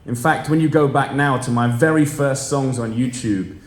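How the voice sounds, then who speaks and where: Animated male poet in an echoey room. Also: medium pitch, normal speed. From Channel Islands, Jersey. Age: 30s. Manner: lively storyteller who acts out quoted dialogue. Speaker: spoken word poet and teacher. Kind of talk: storytelling talk at a live event. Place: public library event room.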